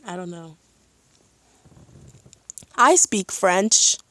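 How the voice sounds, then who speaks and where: A woman streaming live, chatting casually and excitedly as a fan, with lots of "like" and "um". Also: medium pitch, very slow, dry recording. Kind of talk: casual chat.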